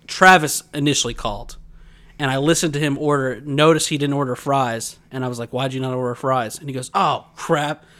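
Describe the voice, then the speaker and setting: A man's voice: medium pitch, fairly bright tone. Rambling, laughing man telling stories. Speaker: podcast co-host. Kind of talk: casual chat, telling a dream story.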